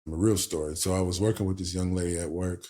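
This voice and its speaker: A married man and podcast host, telling a story in a casual, animated way and acting out the dialogue. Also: sits low, fast.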